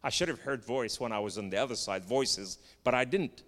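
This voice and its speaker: A man giving an impassioned sermon testimony, swinging from loud cries to hushed tones. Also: mid-range voice, a little fast. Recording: long reverb of a large hall.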